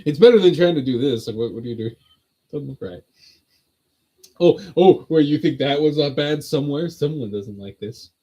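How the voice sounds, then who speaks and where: A man's voice: on the high side, expressive, moderate pace, warm tone, husky, dull audio. A man at home hosting a casual on-camera religious teaching, full of joking, sardonic asides. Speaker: host of a Bible teaching channel.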